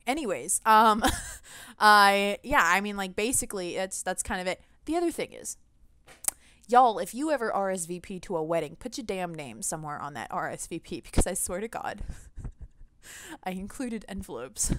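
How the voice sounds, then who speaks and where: A woman's voice: mid-range voice, expressive, normal speed, fairly bright tone, smooth, no room sound. A young woman venting animatedly in a casual vlog rant, laughing often. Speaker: gaming vlogger.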